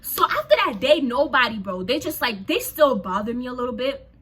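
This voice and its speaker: A young woman from a Haitian family, chatty and animated, telling a personal story in a casual vlog. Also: a little high, a little fast, slightly rough. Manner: chatty, animated, lots of "like" and asides to viewers. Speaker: storyteller vlogger.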